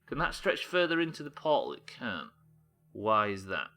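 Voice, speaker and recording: A man's voice: fairly low pitch, sing-song, normal speed, vocal fry, pushed and bright, soft background music. A man streaming a game live, thinking aloud, puzzled and swearing as he works out a problem. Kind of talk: live gameplay commentary.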